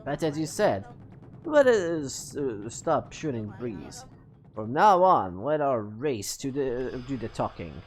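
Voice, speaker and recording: A woman's voice: rumbling low, big pitch swings, slow pace, pitched below the performer's own voice, heavily acted. A woman voicing a prim male paper gatekeeper in a formal, pompous put-on British accent. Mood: haughty.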